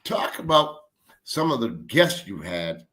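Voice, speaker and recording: Bright-voiced male sports show host. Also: mid-range voice, sing-song, measured pace. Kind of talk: casual interview questions.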